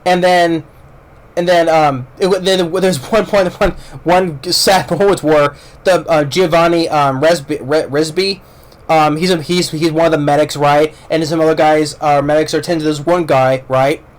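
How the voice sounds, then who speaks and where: In a loose spoken movie review, a man with a somewhat high voice rambles at a moderate pace, restarting sentences and repeating words. He sounds blunt and excited and swears casually.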